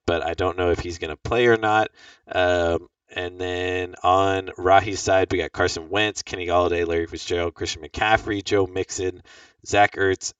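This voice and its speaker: Deep-voiced young man hosting casually. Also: fairly bright tone, no echo, recorded from a distance, muffled recording. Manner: rambling, lots of fillers. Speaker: podcast host. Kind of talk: casual chat about fantasy football.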